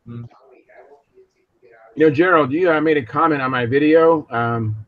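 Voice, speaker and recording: A man's voice: on the high side, moderate pace, phone-quality sound. A man hosting a casual video hangout, talking in a rambling way with many fillers over a video call. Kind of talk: casual chat.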